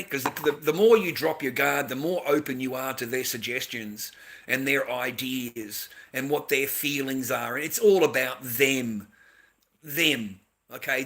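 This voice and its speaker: A man's voice: mid-range voice, sharp tone. A middle-aged Australian man ranting casually to his viewers, rambling and lecturing with constant swearing.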